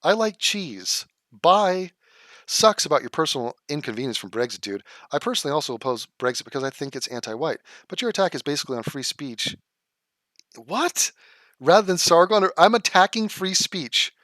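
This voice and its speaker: High-voiced sarcastic male vlogger. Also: fairly bright tone, no echo, clean studio sound. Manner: sarcastic, profane, exasperated. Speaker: vlogger reading and answering viewer comments. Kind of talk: combative commentary vlog.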